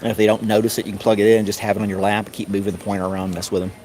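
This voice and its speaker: A middle-aged man casually telling a rambling story, often chuckling and mimicking others in a high voice. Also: monotone, racing, darkish tone. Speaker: streamer. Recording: noisy background.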